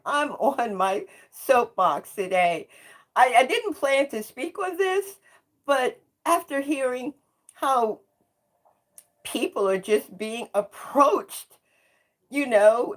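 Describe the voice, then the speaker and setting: A woman in her seventies hosting a livestream, talking in an impassioned monologue and repeating phrases for emphasis like a preacher. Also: a little high. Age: 70s. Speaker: host.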